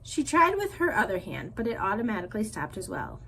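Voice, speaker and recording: A woman's voice: mid-range voice, brisk, creaky, a little hiss or hum, low-quality recording. A woman reading a children's novel aloud to a class as a teacher. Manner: expressive storytelling.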